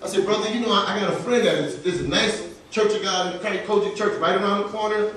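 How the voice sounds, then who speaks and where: A male pastor with a high voice preaches and tells a story, laughing as he acts out both sides of a conversation. He is heard from some distance off the mic, and the hall around him rings with heavy echo. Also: fast, a little hiss or hum. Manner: animated, laughing storyteller acting out dialogue. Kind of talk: sermon with personal storytelling. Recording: echoey room, voice from far off the mic.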